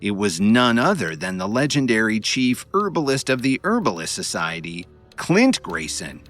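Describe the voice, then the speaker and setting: A man reading a web novel aloud as an audiobook, telling it in a dramatic, expressive way. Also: lowish voice, moderate pace, faint music behind. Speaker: narrator.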